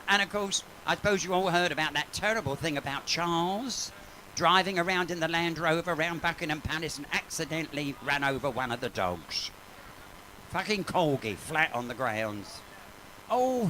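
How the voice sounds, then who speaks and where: A man's voice: on the high side, bright, forceful tone, a little hiss or hum, rough recording. A man doing live bawdy comic patter in a pub, camp and gossipy, and he swears freely. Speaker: cabaret comedian and singer. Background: piano accompaniment.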